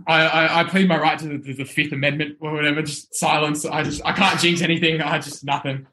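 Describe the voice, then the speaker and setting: A man on a casual sports podcast, hoarse from shouting and still running on adrenaline, rambling with restarts. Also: on the high side, little pitch movement, a little fast. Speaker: podcast panelist.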